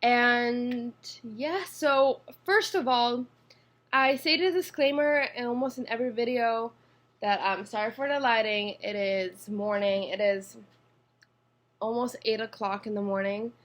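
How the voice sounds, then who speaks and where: A young Swiss woman with a Swiss accent vlogs casually to camera from her apartment, rambling with fillers and restarts. Her voice is fairly high and fairly bright, and she keeps a measured pace. It's recorded on her computer's built-in mic.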